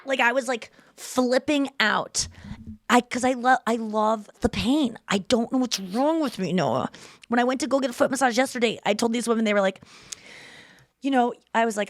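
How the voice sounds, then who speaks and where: A woman hosting a podcast in casual chat, telling stories with lively acted-out voices. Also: on the high side, moderate pace, no room sound, clean studio sound. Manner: animated storytelling, acts out voices. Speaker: podcast host.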